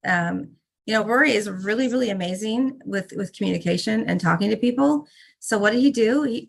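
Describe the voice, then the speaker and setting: Middle-aged woman, gravelly, motherly and effusive, casual group call host. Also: medium pitch. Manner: effusive, motherly, fiercely protective.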